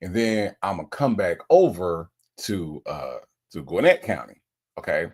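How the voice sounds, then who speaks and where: A man's voice: sits low, unhurried, breathy edge. A man hosting a livestream, casually greeting viewers and reading their comments with playful energy. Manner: animated, lively, playful with repeated greetings. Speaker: livestream host.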